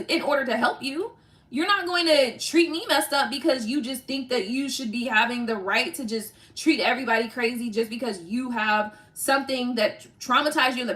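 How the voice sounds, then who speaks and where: A woman with a high-pitched, pushed, bright voice hosts a tarot livestream at a moderate pace. She talks to viewers casually and bluntly, laughing often, swearing freely, and constantly repeating "right?" and "you know," often tagging "right?" onto the end of sentences.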